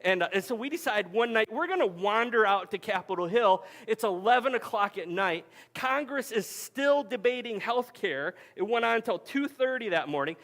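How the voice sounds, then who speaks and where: A man in his forties delivers a sermon with a notably high voice. He tells stories in a loose, conversational way, often doubling back on his words as he goes. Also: expressive, moderate pace, few pauses, fairly bright tone. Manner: conversational storytelling with frequent restarts. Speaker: pastor. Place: camp meeting hall.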